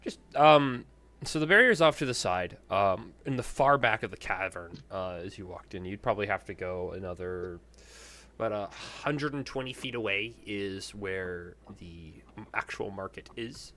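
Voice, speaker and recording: Low-voiced game master narrating. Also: male voice, moderate pace. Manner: vivid narration, louder in action scenes.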